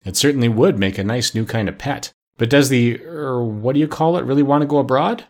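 A man's voice: mid-range voice, fairly quick, a little mellow, natural voice. A man voicing a kindly, absent-minded doctor in a storybook reading, speaking mildly and with hesitant murmurs.

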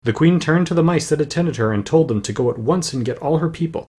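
A man reading a storybook aloud as narrator, steady and plain, with the odd small slip. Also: a little high, quick pace, husky. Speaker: audiobook narrator.

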